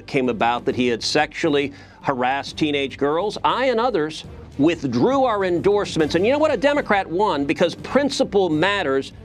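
Middle-aged male senator guest: forceful, indignant delivery with stuttered restarts, voice a touch high. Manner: forceful, indignant, repeats words when starting. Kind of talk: political TV interview.

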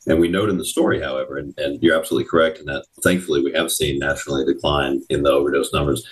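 A man being interviewed as an investigative reporter, talking in a halting way with many repeated words and restarts. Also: very deep voice, fairly even intonation, far from the mic, poor audio. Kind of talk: radio news interview.

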